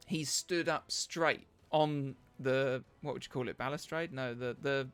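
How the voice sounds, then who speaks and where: A man narrating as dungeon master in an animated, laughing way, often searching for words. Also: mid-range voice, a little slow, smooth, soft background music. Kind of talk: narrating a tabletop game.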